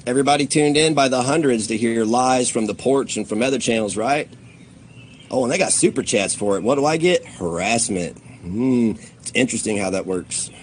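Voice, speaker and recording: A man's voice: medium pitch, moderate pace, a little hiss or hum. Furious ranting man on a livestream. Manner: heated, swearing, swinging from shouting to muttering. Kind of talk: angry livestream rant.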